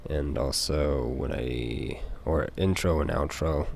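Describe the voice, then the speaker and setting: A man with a Utah accent chatting casually on a live stream, rambling and halting, with casual swearing. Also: very deep voice, creaky, darkish tone, slight background noise.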